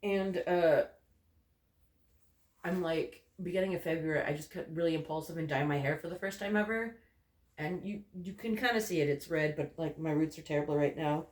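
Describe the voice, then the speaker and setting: A man's voice: a little high, normal speed. A young man vlogging from his bedroom in a candid, rambling way, full of "like" and "you know". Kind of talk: casual personal ramble to camera. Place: bedroom corner. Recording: roomy bedroom echo.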